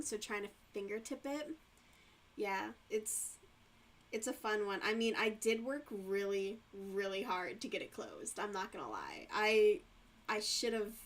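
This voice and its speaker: A woman hosting a livestream and chatting casually while she crochets, laughing often and swearing freely. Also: medium pitch. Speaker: livestream host.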